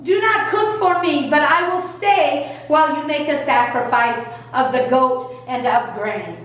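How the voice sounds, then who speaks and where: A woman's voice: high-pitched, a little slow, fairly bright tone. A woman voicing an angel who gives firm, careful instructions. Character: solemn, instructive angel messenger. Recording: echoey church room from far off.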